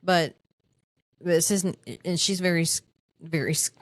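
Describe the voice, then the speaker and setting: A woman co-hosting a paranormal podcast in casual chat, recounting a witness story in a halting way with frequent restarts. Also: lowish voice, fairly even intonation, no echo, studio quality. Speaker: podcast co-host.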